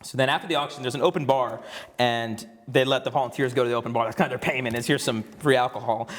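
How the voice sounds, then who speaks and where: A man's voice: medium pitch, fairly even intonation, fast, a bit bright. A young man in his twenties telling a story to a campus audience, chatty, with lots of fillers, restarts and laughs. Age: 20s. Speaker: alumnus guest actor. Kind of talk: casual storytelling on stage. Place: campus event in a large room before an audience. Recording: long hall reverb.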